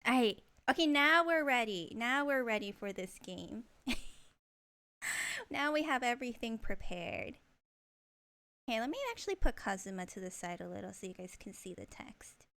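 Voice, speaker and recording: Giggly high-voiced woman streamer. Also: normal speed, vocal fry. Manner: giggly, excitable, chatty. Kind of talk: live game stream chat.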